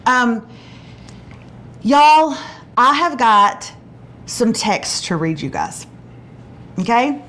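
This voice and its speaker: A middle-aged woman hosting a casual chat show and telling stories, acting out quotes with big jumps in pitch. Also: sing-song, very slow, pauses often, a bit bright, slight background noise. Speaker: show host.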